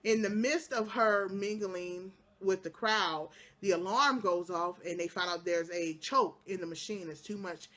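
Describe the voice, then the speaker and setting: A woman casually recapping a TV episode, telling the story with lively acted-out quotes and laughs. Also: mid-range voice, a little slow, few pauses. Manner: breaks into laughter and exclamations. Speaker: TV show recap vlogger.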